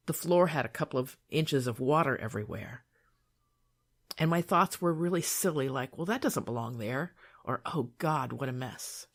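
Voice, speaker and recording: An older woman reading her own memoir aloud in a calm, soothing, measured way. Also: sits low.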